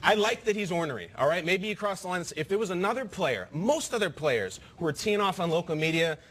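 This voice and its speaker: Fast-talking, playful sports show host man. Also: high voice. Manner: animated, playful, quick asides. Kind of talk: studio sports talk.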